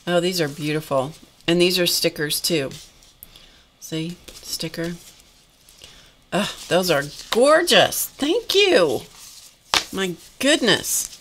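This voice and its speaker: Slow-talking woman hosting a craft live stream. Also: fairly low pitch, lively intonation, fairly bright tone, a little hiss or hum. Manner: chatty, exclaiming over gifts, talking to viewers. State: coughing, voice getting tired. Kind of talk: casual live-stream chat, opening happy mail.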